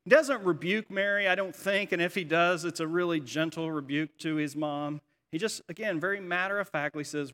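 Brief: middle-aged male pastor, bright and forceful tone, a bit higher, animated storytelling sermon. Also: moderate pace, few pauses. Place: church sanctuary. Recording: echoey hall.

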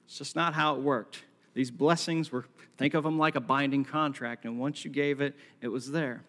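A man's voice: medium pitch, steady tone, moderate pace, fairly bright tone. A man preaching a sermon to a congregation, telling the story with acted-out lines and jokey asides. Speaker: pastor. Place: large hall with a live congregation. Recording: long hall reverb.

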